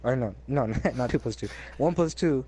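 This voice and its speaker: A young man in casual chat who gets animated when he tells a story. He stumbles over his words, repeats himself, and jumps up loud when he acts out what someone said. His voice sits at an ordinary middle pitch. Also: normal speed, a little hiss or hum. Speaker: co-host telling work stories.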